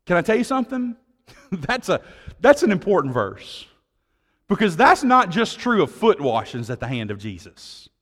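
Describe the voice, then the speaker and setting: A man preaching a sermon as pastor, swinging from loud declarations to hushed tones, with conversational asides to the congregation. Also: high-pitched, sing-song, normal speed, long reverb tail.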